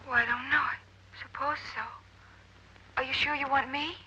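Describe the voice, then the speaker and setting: An actress playing a coy young woman in a 1950s film, with a breathy voice, from an old film recording. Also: sits high, fairly even intonation, normal speed, bright, forceful tone. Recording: dull old film audio.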